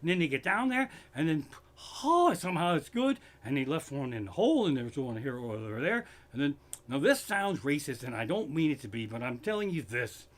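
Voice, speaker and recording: A man's voice: medium pitch, very animated, fairly quick. A man doing profane, worked-up stand-up comedy, streamed live from his living room, with a Pennsylvania accent.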